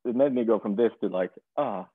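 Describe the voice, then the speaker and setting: A man's voice: on the low side, quick pace, slightly rough, dry recording, narrow, tinny audio. A man hosting a podcast, talking casually in a laid-back way with lots of fillers. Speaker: podcast host. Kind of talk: casual chat.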